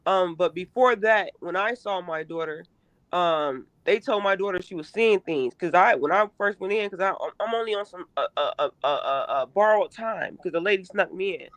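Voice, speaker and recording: A middle-aged woman giving an emotional first-person account in an interview, halting and repeating herself with emphasis. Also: lowish voice, a bit bright, dry recording. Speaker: interview guest, mother.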